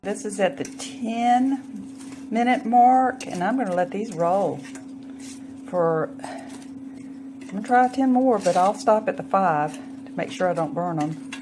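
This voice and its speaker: A woman's voice: fairly low pitch, background noise. A woman chatting folksily through a home cooking demo in her kitchen, humming as she tastes. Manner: folksy and chatty, hums while tasting.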